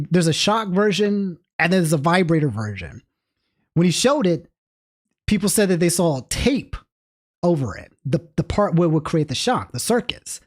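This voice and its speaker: A man livestreaming and talking casually to his chat, rambling with frequent restarts. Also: high voice. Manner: rambling, restarts often, animated asides to chat. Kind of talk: casual stream commentary.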